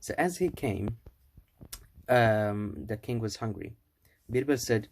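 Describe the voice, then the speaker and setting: A man's voice: fairly low pitch, measured pace, vocal fry, pauses often. A man telling an old fable in a casual, rambling way, correcting himself as he goes. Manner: rambling, with restarts and self-corrections. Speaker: storyteller. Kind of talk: casual storytelling.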